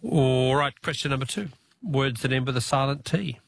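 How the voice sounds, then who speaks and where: A man's voice: medium pitch, moderate pace, creaky, no room sound. A man hosting a talkback radio quiz, joking, punning and spelling out answers.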